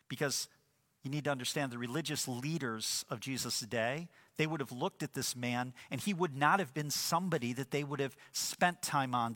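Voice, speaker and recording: A man's voice: fairly high pitch, bright, forceful tone, big-room sound. A man preaching a sermon as pastor, emphatic, with repeated phrases and rhetorical questions.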